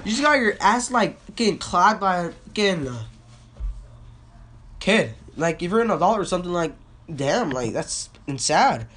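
Teenage boy, sick, coughing, slightly high voice, rambling, swearing, casual podcast host. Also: big pitch swings, normal speed, fairly bright tone, slight background noise. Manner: rambling, profane, filler-heavy.

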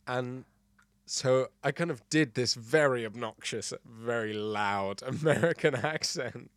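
A man's voice: medium pitch, a little slow, no echo, clean studio sound. A man chatting casually on a podcast, telling an anecdote and acting out what people said. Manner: animated storyteller who acts out quotes.

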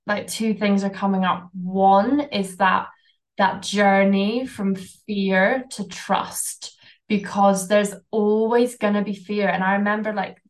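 A woman's voice: medium pitch, rough recording. Candid woman guest, casual swearing. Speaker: podcast guest, coaching client. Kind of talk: candid conversational storytelling.

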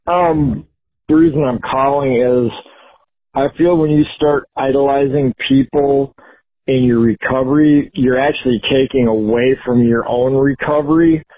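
Male caller, earnest and measured, mid-pitched voice, thin dry phone sound. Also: no echo. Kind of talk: phoned-in comment. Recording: phone line.

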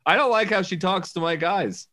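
A man's voice: sits high, normal speed, bright, forceful tone. A man co-hosting a podcast in a casual, profane, joking chat. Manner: profane, joking, does silly voices. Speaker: podcast co-host.

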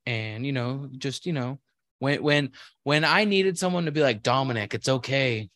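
A man co-hosting a podcast, his voice swinging widely up and down as he rants and mimics his friend. He swears freely and breaks into loud outbursts. The sound is close and dry. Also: mid-range voice, animated, normal speed, no room sound. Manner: loud swearing outbursts, mocking quotes in raised voice. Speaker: podcast co-host. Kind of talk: casual chat.

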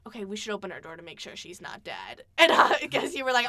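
A woman's voice: fairly high pitch, fast talker, hardly any pauses. A young woman hosting a podcast, telling stories in casual chat and acting out quotes with lots of filler words. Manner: animated storytelling, acts out quotes, many fillers. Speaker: podcast host.

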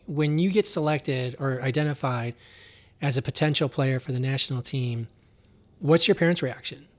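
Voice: medium pitch, moderate pace. An interviewer in casual chat, reacting with brief supportive interjections and jokes and asking questions.

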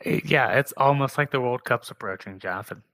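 A man's voice: mid-range voice, fairly quick, creaky, fairly bright tone, dry recording. A man in a casual chat, sarcastic and teasing.

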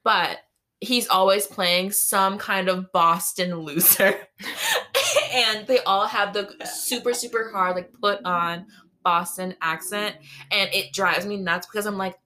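A woman's voice: medium pitch, steady tone, measured pace, sharp tone. A young woman from Massachusetts co-hosting a podcast, playful and joking in casual talk. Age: 20s. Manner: playful and joking, laughs often. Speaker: podcast co-host. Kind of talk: casual chat.

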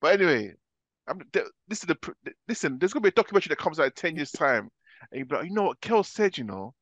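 A man's voice: fairly high pitch, dry recording. Emphatic London man, dull dry sound. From West London, England. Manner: animated, emphatic, quick asides with many restarts. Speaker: podcast co-host. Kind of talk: casual chat.

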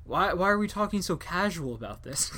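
A man's voice: high voice, lively intonation, brisk, sharp tone. A young man hosting a casual podcast chat, rambling and joking with casual swearing. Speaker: podcast host.

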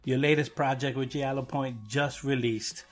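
A man's voice: medium pitch, fairly even intonation, normal speed. A man from Brooklyn hosting a podcast, rambling and self-deprecating in casual chat. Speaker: podcast host.

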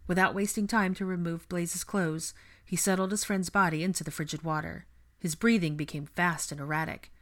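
A woman narrating a fan fiction audiobook in a steady storytelling manner. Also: lowish voice, normal speed. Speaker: audiobook reader.

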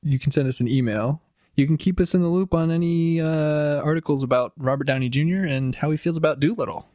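A man's voice: fairly high pitch, brisk, a little mellow, dry recording, clean studio sound. A man with a Midwestern American accent co-hosting a casual podcast, playful and prone to silly impressions. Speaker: podcast co-host. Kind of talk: casual chat.

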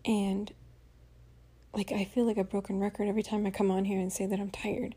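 Tired, chatty woman with a mellow, husky voice. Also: medium pitch, level tone, fairly quick. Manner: chatty, venting, many "like" fillers, swears. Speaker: podcast host. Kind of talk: casual spoken diary. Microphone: home voice recording.

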